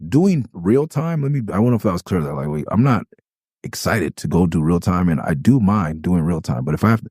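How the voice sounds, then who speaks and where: A man's voice: lively intonation, a little fast, a little mellow, husky, no echo, clean studio sound. A middle-aged man, breaking down his own rap song in a rambling, casual way, laughing and slipping into funny character voices. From Los Angeles. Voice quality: calls his own voice high pitched. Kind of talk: casual storytelling commentary.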